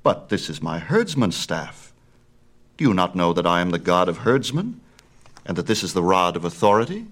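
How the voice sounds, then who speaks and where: A man's voice: low voice, very animated, normal speed, a bit bright, full character voice. A male reader voicing a proud, imperious sun god in a storybook myth, speaking with lofty disdain. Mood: haughty. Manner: haughty, imperious. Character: haughty, grand sun god, young man.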